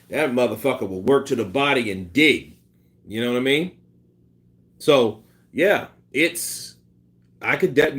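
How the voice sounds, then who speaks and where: A man's voice: medium pitch, a bit bright. A man hosting a casual boxing live stream, reading chat and talking loosely with profanity and laughter. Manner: imitates punch sounds and quotes people in put-on voices.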